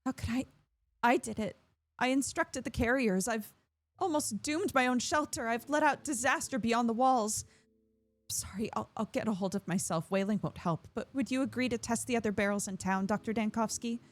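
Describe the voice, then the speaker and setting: An anxious young woman who runs a shelter frets and apologizes her way through the lines, as a streamer reads her game dialogue aloud. Her voice sits a little higher and lighter, with a nervous edge. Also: normal speed, lightly acted. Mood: fretful. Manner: fretful, apologetic.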